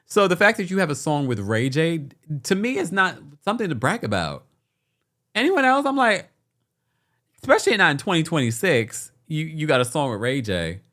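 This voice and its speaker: A man's voice: on the high side, sing-song, brisk, hardly any pauses, sharp tone. A man hosting a reality TV recap podcast, chatting casually and talking straight to his viewers.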